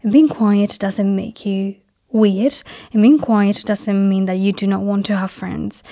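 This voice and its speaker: Speaking to her viewers in a steady tone, a woman with a mid-range voice delivers a personal vlog monologue. Her soft speech often slips into a breathy half-whisper, with slow, deliberate emphasis on important words.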